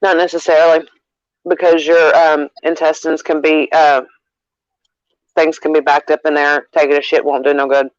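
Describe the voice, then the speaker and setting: A man in casual chat, talking in a rambling, halting way, full of fillers and restarts. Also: fairly high pitch, little pitch movement, no echo. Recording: dull lo-fi sound.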